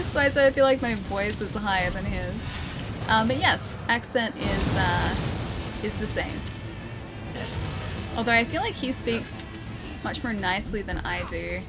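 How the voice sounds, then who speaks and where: A woman's voice: mid-range voice, a little slow, pauses often, over loud music. An Australian woman streaming a game live, chatting playfully, laughing often and answering her chat. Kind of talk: live gameplay commentary, reading chat.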